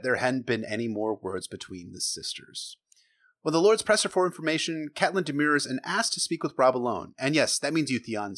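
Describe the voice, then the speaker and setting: A man hosting a podcast, recapping a book chapter in a casual, joking, sarcastic way, swearing and acting out the characters' lines. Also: fairly high pitch. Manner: lively, sarcastic, swears freely, acts out quotes. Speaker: podcast host.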